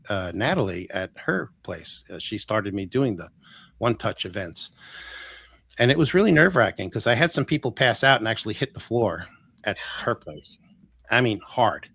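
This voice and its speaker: A man in his sixties, a healer guest telling stories in a casual, animated way, chuckling often and acting out what people said. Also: on the low side, no room sound. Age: 60s. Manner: animated, chuckles often, acts out quoted dialogue. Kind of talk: casual storytelling.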